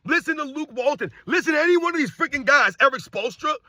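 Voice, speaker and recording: A man with a high, bright, sharp voice rants about sports, firing off repeated rhetorical questions and now and then raising his voice to a shout. The sound is dry and close, with no room around it. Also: animated, fast talker, no echo. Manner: emphatic, repetitive rhetorical questions; addresses viewers as guys, occasional shouting. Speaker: sports commentary host. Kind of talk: ranting sports commentary.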